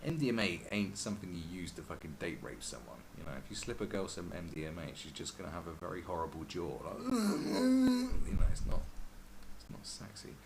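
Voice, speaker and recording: A man's voice: low voice, animated, fast, gravelly, few pauses. A man hosting a podcast, ranting in casual, profane chat and mimicking other people's voices. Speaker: podcast host. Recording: noisy background.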